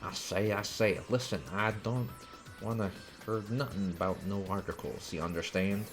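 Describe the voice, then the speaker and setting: A man voicing a male bug creature from a game with a drawling, gruff country way of talking. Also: on the low side, steady tone, normal speed, soft background music, lightly acted. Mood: irritated. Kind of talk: reading game dialogue aloud.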